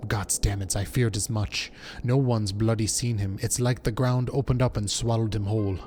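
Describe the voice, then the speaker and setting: A man reading as a gruff, blunt mercenary officer. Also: fairly low pitch, darkish tone, a little hiss or hum, close to an everyday voice. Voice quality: rough working-class dialect as written. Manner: plain read-aloud delivery.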